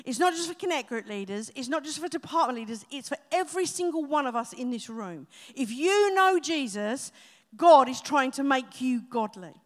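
A woman's voice: sits high, lively intonation, normal speed. A woman pastor, preaching a live sermon with emphasis and humorous asides. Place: church auditorium, live congregation. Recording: reverberant live church hall.

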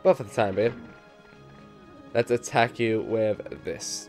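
A man with a Liverpool accent and a slight cold, giving excitable let's play commentary and yelping at his own mistakes. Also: takes it slowly, long pauses, soft background music. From England. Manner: excitable, sudden high yelps at mistakes, self-mocking. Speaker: gamer.

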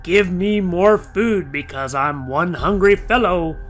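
A man voicing a loud, greedy male ghost with a booming, bellowing voice in a storybook read-aloud. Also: animated, measured pace. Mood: roaring.

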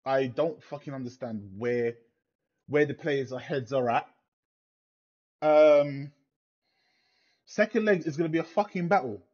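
A man's voice: medium pitch, measured pace, pauses often, a little mellow, muffled recording. A young man in a furious, swear-filled rant after a football match, repeating himself in disbelief. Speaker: football fan vlogger. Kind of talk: angry post-match rant.

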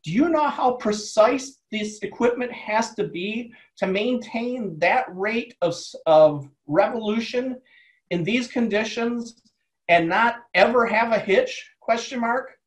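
A man's voice: high voice, animated, moderate pace, distant mic, low-quality recording. Guy doing older lady station tech, blunt, kinda alarmed, calls out her own punctuation. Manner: dictates quotes with spoken punctuation.

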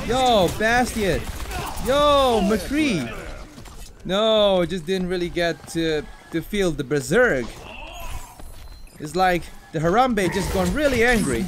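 High-voiced guy yelling through a game, slow drawn-out talk, loud game music behind. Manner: shouty, excitable, yelling bursts. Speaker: gameplay channel host. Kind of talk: excited gameplay commentary.

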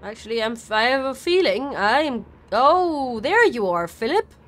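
Woman, game streamer, high voice, very animated pitch, swears a lot, talks to chat. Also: measured pace, slight background noise. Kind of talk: live gameplay commentary.

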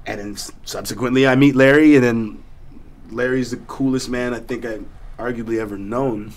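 A man's voice: medium pitch, steady tone, moderate pace, a little hiss or hum. A man from South Africa, a guest actor telling stories in a casual studio chat, laid-back and slangy with many fillers and restarts.

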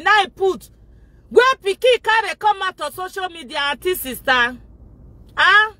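A Nigerian woman vlogging loudly from inside a car, shouting and laughing as she rants in a casual pidgin-mixed style. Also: extremely high pitch, lively intonation, moderate pace, no room sound. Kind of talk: loud casual vlog rant.

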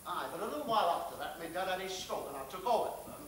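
An actor playing a blunt, hearty factory boss, telling a folksy story. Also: male voice, high voice, expressive, racing, a bit bright, slight background noise. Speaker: factory owner giving advice. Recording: roomy film sound from a distant mic.

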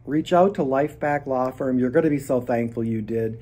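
A man's voice: mid-range voice, moderate pace, mellow. A man, a lawyer, explaining a legal topic in a casual, conversational way, with a Minnesotan accent. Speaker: bankruptcy lawyer.

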